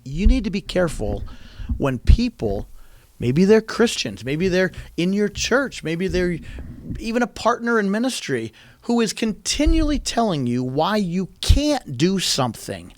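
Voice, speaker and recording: A man's voice: high-pitched, big pitch swings, a little slow, no room sound. A man preaching a sermon, retelling a story animatedly and acting out quoted lines in a raised voice.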